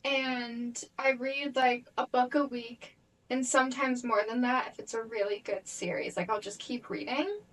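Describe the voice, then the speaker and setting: A young woman with a high, light voice talks through a casual podcast chat. She rambles freely and leans on fillers. She acts out little quotes as she goes. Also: steady tone, normal speed, fairly bright tone, low-quality recording. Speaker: podcast co-host.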